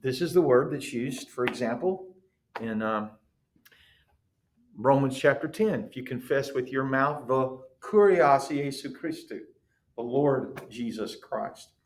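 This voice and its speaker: A man's voice: medium pitch, unhurried, roomy sound. A man teaching a class, explaining patiently and checking in with the students. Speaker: Greek teacher. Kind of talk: classroom lecture.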